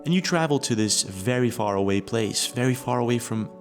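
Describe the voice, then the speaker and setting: A man narrating a mystery video from a script, in a measured storytelling manner with leading questions. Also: medium pitch, lively intonation, faint music behind.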